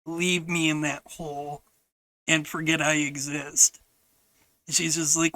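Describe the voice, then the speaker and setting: Slow-talking man, bright voice. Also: fairly high pitch, level tone, dry recording, low-quality recording. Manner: frank, halting and profane. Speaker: podcaster. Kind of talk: personal storytelling.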